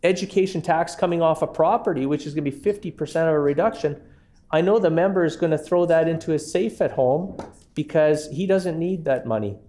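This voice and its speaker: A man's voice: a little high, brisk, warm tone. A man with a Canadian accent, an education minister answering questions in a legislative committee, combative and sarcastic, often addressing the chair. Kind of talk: parliamentary committee debate. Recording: legislative room feed with faint noise.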